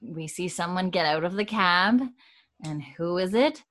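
Chatty woman with a lowish voice. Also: measured pace, a bit bright. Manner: chatty, filler-heavy, acts out quotes, laughs often. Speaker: podcast co-host recapping a TV episode. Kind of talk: casual chat, retelling scenes.

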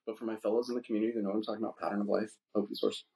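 A man's voice: on the low side, flat delivery, racing, gravelly, warm tone. Profane, boastful man telling a story. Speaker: podcast host. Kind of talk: casual storytelling chat.

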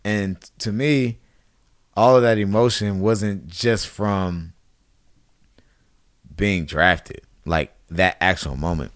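A man in his thirties tells a story in relaxed conversation. His voice sits low and sounds clear and smooth. He acts out the people he quotes by raising his voice. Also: takes it slowly, pauses often, no echo, studio quality. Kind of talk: casual chat.

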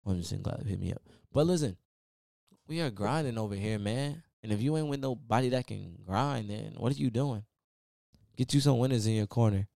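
A man's voice: medium pitch, normal speed, gravelly, warm tone, no echo, clean studio sound. A man hosting his own podcast, giving a casual, preachy motivational talk full of repeated "man" and "y'all.". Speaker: podcast host. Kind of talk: motivational solo podcast rant.

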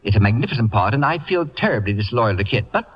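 An actor playing an imperious, acid-tongued middle-aged celebrity critic who talks in a bossy, sardonic way, in 1940s radio acting. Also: male voice, lowish voice, sing-song, fast talker, slightly rough. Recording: muffled vintage radio broadcast.

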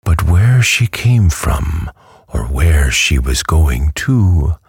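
A man voicing an old workhouse nurse woman in a hushed, slow bedtime reading of a classic novel. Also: rumbling low, sing-song, husky, no echo, studio quality, exaggerated voice. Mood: matter-of-fact.

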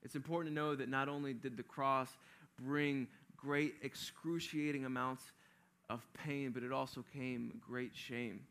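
Man as pastor giving a sermon, mid-pitched voice, earnest and emphatic, stumbles and repeats words as he explains scripture. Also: steady tone, a little slow, a bit bright, clear, resonant tone.

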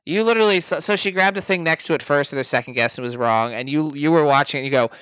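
A woman co-hosting a podcast in casual chat, making wry deadpan jokes and swearing casually. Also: deep voice, fast, clean tone, dry recording. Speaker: podcast co-host.

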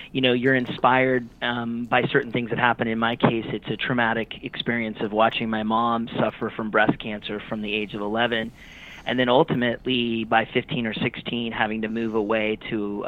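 A man, a nonprofit founder, speaking earnestly as a guest in a casual podcast interview. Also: mid-range voice. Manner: earnest, reflective. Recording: tinny phone-like call line.

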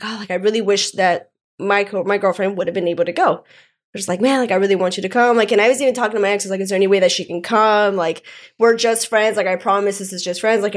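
Candid rambling young woman telling a story. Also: medium pitch. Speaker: guest telling her story. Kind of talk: casual podcast chat.

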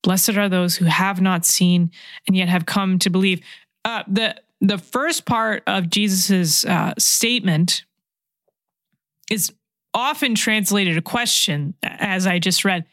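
A woman giving a slow, reflective sermon. She repeats key phrases and drops to a soft whisper when she quotes scripture. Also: medium pitch, no echo, studio quality. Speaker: preacher.

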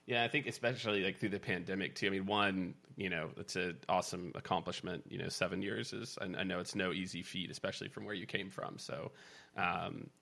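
A man's voice: deep voice, steady tone, brisk, creaky, bright, forceful tone. A man hosting a podcast, asking loose, rambling questions with many restarts. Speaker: podcast host. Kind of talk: casual interview.

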